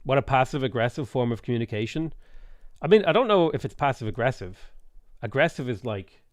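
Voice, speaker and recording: A man's voice: mid-range voice, lively intonation, fairly quick, no echo, clean studio sound. An Irish man in his thirties chatting casually on a live stream, rambling and blunt, swearing freely and acting out little dialogues. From Ireland.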